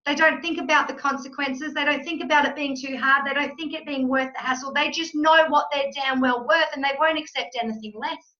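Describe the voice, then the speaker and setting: A woman's voice: high-pitched, pushed and bright, dull audio. A woman mindset coach giving a motivational masterclass talk in an emphatic, punchy way, driving points home with repetition.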